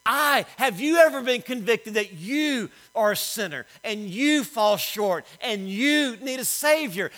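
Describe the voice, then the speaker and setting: Man, middle-aged pastor, sermon, high-pitched, bright tone, emphatic then hushed. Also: animated, measured pace, few pauses, rough recording. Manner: swings between loud emphatic preaching and quiet storytelling.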